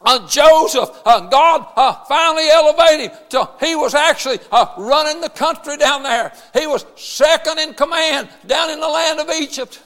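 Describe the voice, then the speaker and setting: A man, a pastor, preaching a sermon in a church, shouting his points with many "uh" fillers. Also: very high voice, normal speed, hardly any pauses. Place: church sanctuary. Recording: long reverb of a church hall.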